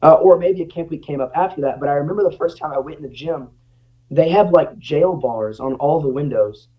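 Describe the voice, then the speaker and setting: A man's voice: fairly high pitch, brisk, highs cut off. A young man, a podcast guest, telling stories in a casual way and acting out the voices of the people he quotes. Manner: animated, acts out quoted voices. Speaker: guest, former ranch student. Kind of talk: casual storytelling.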